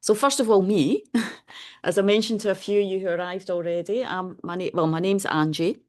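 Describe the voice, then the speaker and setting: A Scottish woman in her fifties, a Buddhist nun, chatting informally and softly as she opens a meditation class. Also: medium pitch, moderate pace. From Scotland. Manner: chatty, soft-spoken, many "you know"s, light laughs. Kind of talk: casual classroom talk.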